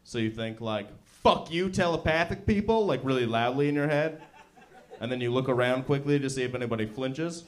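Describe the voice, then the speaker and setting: A man's voice: medium pitch, steady tone, fairly quick. Dry male stand-up comic. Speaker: open mic comedian. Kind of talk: stand-up comedy.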